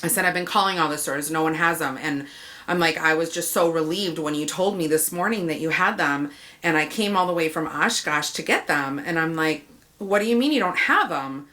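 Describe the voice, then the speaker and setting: A woman's voice: low-pitched, fairly quick, pushed and bright. A woman telling a story about a frustrating shopping trip in a casual rant, acting out the dialogue by quoting herself and the clerks.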